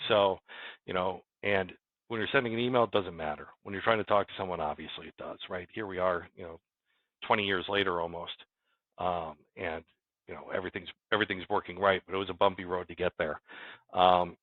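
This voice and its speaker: A man's voice: sits low, steady tone, fairly quick, dry recording. A man, a company president, talking casually as a guest and rambling with many restarts. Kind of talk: casual interview talk. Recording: dry, phone-like remote call audio.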